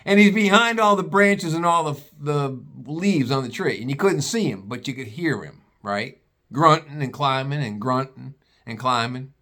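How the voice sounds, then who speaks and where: A man telling a funny story in a casual, animated way, mocking the people in it and swearing freely. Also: mid-range voice, moderate pace.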